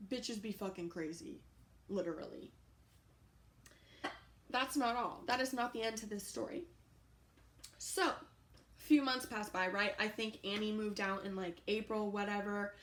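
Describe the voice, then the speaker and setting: Animated, profane young woman telling a story. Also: a little high, a little hiss or hum. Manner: animated, profane, rambling with many fillers. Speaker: YouTuber. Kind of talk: casual storytime vlog.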